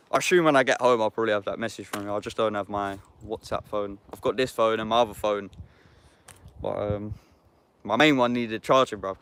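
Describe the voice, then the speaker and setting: A man's voice: lowish voice, a bit bright, clean tone. A young adult man with an English accent, chatting casually and slangily on a livestream, swearing and answering chat comments.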